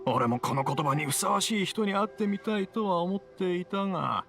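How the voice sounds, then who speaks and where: A man's voice: sits high, lively intonation, rapid-fire, vocal fry, fairly bright tone, faint music behind, exaggerated voice. A man voicing a knowing, easygoing young man who talks in a casual, chatty way. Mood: musing.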